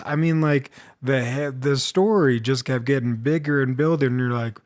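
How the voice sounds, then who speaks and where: A young man tells a story in a loose, rambling way, drifting off into asides and jokes at his own expense. His voice sits at an ordinary middle pitch and sounds like an informal vlog. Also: moderate pace, hardly any pauses, a little mellow. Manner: meandering and self-deprecating, with frequent asides. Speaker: storytime vlogger.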